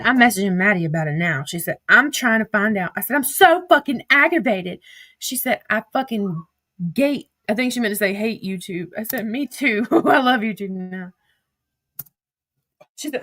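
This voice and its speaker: A woman's voice: medium pitch, a bit bright, no room sound. A young woman, reading texts aloud on a livestream in a heated, profane rant. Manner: heated, profane, rapid rants.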